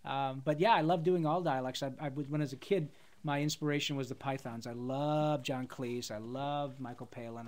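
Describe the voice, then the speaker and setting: A middle-aged man, a voice actor, chatting enthusiastically in a live Q&A, rambling with many fillers and restarts. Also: mid-range voice. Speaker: voice actor guest. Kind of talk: casual live Q&A chat.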